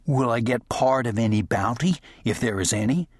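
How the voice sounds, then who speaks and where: A man's voice: medium pitch, normal speed, slightly rough, dry recording, clean studio sound, lightly acted. A man playing a hotheaded frontier deputy. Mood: eager. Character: hotheaded eager frontier deputy, rough and greedy.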